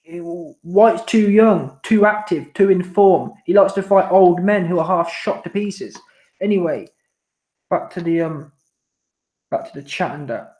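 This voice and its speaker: Brief: man, fairly high voice, laid-back slangy streamer, echoey room. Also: measured pace, darkish tone. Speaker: boxing commentary channel host. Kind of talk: casual live-stream chat reading super chats. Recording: roomy echo.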